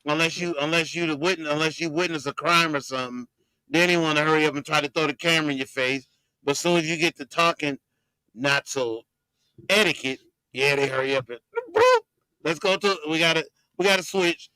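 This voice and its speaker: Bright, clear-voiced male podcast host. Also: on the high side, steady tone, brisk, no room sound, poor audio. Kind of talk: casual podcast chat.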